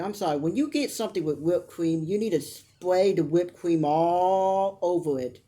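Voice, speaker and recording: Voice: medium pitch, normal speed, warm tone. A soap opera reviewer giving a casual, rambling recap with frequent tangents and blunt opinions, acting out characters in mock voices. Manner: rambling, full of tangents and restarts.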